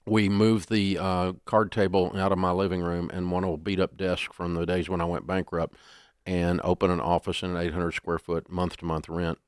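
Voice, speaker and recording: A deep-voiced man tells folksy, animated stories as an interview guest. His voice sounds dry and close, with no room echo. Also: moderate pace, clear, resonant tone. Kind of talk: casual interview storytelling.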